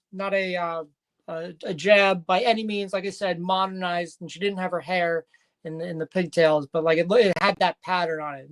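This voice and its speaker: Chatty woman recapping wrestling, low voice. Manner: chatty, rambling, frequent fillers and restarts. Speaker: wrestling show reviewer. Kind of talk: casual recap commentary.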